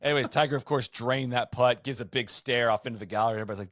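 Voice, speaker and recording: A man's voice: mid-range voice, racing, hardly any pauses, a bit bright, no echo, studio quality. A man hosting a podcast, telling golf history in a casual, storytelling way and reading out quotes and stats. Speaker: podcast host.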